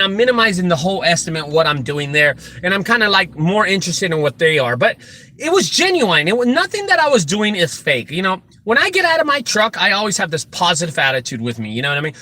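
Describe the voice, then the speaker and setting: A man who runs a junk removal business, telling animated, joking stories full of asides as he gives casual advice. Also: high voice. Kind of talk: casual storytelling advice talk.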